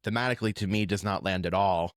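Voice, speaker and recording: A man with a very low voice joins a casual podcast chat as the guest. He speaks bluntly and critically and puts questions to the host. The recording is close and dry. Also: fast, no echo. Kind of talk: casual music review chat.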